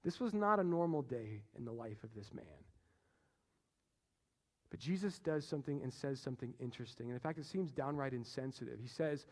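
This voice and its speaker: A man preaching a sermon as pastor, animated, moving between loud emphasis and hushed low passages. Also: brisk. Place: church sanctuary. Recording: long reverb of a church hall.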